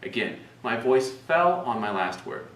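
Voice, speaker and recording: A man teaching presentation skills in a lively voice that rises and falls widely as he demonstrates his points. He sounds set back from the mic in a roomy space, with a faint hum of ambience behind him. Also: measured pace, recorded from a distance. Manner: demonstrative, shifts pitch for examples. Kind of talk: video lesson on public speaking.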